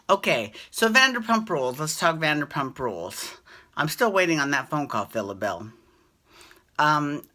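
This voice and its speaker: A woman's voice: low voice, bright, forceful tone. A woman hosting a casual recap show, chatting about a reality series, laughing often and swearing freely. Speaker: podcast host recapping reality TV. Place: Las Vegas.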